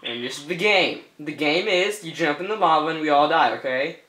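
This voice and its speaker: High, bright, goofy gaming commentator man. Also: brisk, reverberant. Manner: laughing, teasing, goofy repeated calls. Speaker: gameplay commentator. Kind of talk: playful let's-play commentary.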